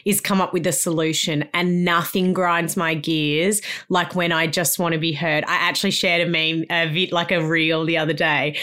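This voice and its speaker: Candid, low-voiced woman. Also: fairly bright tone. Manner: candid, swears casually, laughs easily. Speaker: podcast co-host. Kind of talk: casual chat.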